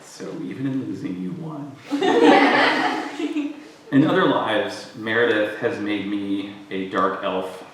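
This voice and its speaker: Deep-voiced man joking in an echoey hall. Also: measured pace, few pauses, a crowd in the background. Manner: joking, chuckles often, many ums. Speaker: creative writing professor introducing a reader. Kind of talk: warm humorous introduction at a live reading. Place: event hall with audience. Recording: echoey hall recorded from far off.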